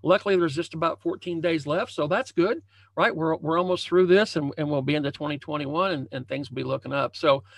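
A man with a fairly high voice gives a relaxed motivational coaching talk over a video call. He keeps circling back and repeating his phrases. The sound is dry and close, with no room echo. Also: brisk, gravelly. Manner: conversational, repeats phrases and restarts often. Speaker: leadership and success coach. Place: home room with a banner hung as backdrop.

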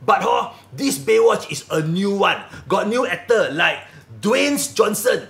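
A man voicing a high, gravelly Singlish fanboy in his twenties, chatty and eager, for a comedy sketch. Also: measured pace, roomy sound, heavily acted. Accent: Singaporean English (Singlish). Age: 20s. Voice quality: creaky, playful Singlish sing-song. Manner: chatty, excitable, Singlish particles. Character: goofy young Singaporean man, earnest fan.

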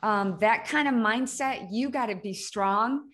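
A woman's voice: on the high side, measured pace, a bit bright. A woman hosting an interview, engaged and affirming toward her guest. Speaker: podcast host. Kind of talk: conversational interview.

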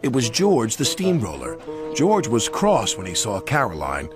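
A man narrating a children's story with a lively, expressive reading. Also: mid-range voice, moderate pace, over music.

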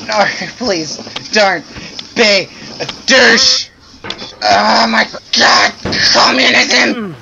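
A man's voice: high-pitched, creaky. A man giving gameplay commentary, exclaiming and pleading with the game in exasperation. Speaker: gamer. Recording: dull lo-fi mic with loud noise and clicks.

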